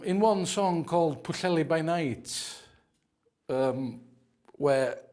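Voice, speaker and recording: A man with a fairly high speaking voice gives a mock drum lesson in a deadpan, earnest way. He rambles through his tips and often sinks into quiet, muttered asides. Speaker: drum instructor. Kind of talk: comic mock masterclass.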